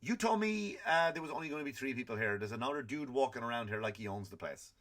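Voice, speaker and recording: A man's voice: medium pitch, lively intonation, fast talker, a bit bright, natural voice. A man voicing a fed-up male pet dog who phones the shelter to complain about the household. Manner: complaining, tattling.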